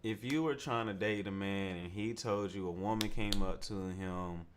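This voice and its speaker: A man hosting a comedic commentary show, mocking and laughing often, in a slang-heavy voice that jumps around in pitch. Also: normal speed, noisy background.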